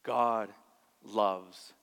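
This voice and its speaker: A man's voice: lowish voice, fairly even intonation, very slow, clean tone. Man preaching in a reverberant church. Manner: swings from soft near-whispers to loud passionate bursts; acts out quoted voices in his preaching. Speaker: pastor. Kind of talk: sermon. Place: church sanctuary. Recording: long hall reverb.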